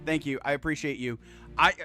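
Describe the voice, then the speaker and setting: Excitable streamer man, bright voice. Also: on the high side, fairly quick, soft background music. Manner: excitable, swears often, laughs a lot, affectionate to chat. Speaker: game streamer. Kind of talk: casual live-stream chat.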